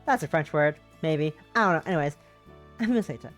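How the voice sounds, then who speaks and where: A woman streaming a game playthrough, reading the text aloud in a lively, casual way and tripping over words. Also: sits low, quick pace, faint music behind. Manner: animated, stumbles and rereads words.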